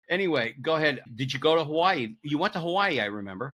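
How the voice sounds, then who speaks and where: A man in his seventies hosts a relaxed conversation. He asks long, meandering questions and often trails off into his own anecdotes. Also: mid-range voice, fast, hardly any pauses. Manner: chatty, rambling questions with personal asides. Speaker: podcast host. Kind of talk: conversational interview.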